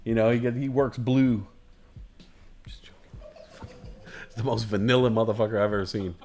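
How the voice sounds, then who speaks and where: A man's voice: fairly low pitch, steady tone, quick pace, darkish tone, slight background noise. A man hosting a livestream, ranting casually with heavy swearing, emphatic repetition and loose digressions. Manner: loose, digressive, chuckles at his own jokes. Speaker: livestream host. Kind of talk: casual rambling rant.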